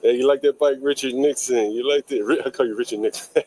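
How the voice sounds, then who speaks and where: A man's voice: mid-range voice, steady tone, quick pace, a little mellow, a little hiss or hum, rough recording. A man hosting a casual livestreamed street interview outdoors, talking in a loose, rambling way and swearing offhandedly. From Washington, DC. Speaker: host, landlord interviewer.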